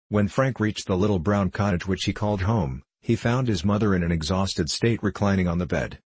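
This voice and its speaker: Deep husky man, steady storybook narration, dry close sound. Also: normal speed, few pauses, no room sound. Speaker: audiobook narrator. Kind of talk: scripted narration.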